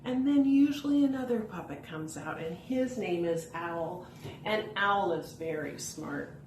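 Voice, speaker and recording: A woman's voice: lowish voice, expressive, unhurried, a little mellow. A woman, a mentoring coordinator, giving a friendly, chatty and encouraging talk to camera from home. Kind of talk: casual instructional talk to camera. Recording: echoey room with faint noise.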